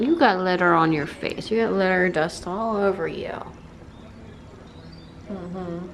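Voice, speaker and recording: A woman talking to her cats at home in a cooing, affectionate way, with soft laughs. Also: fairly low pitch, measured pace, noisy background. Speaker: cat channel host. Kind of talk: casual talk to her cats.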